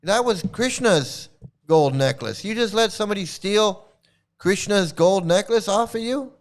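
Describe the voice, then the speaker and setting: Man mocking a clip in a smooth voice. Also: sits high, animated, a little slow. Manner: scornful, repetitive, stumbling restarts. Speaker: commentary host. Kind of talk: mocking reaction commentary.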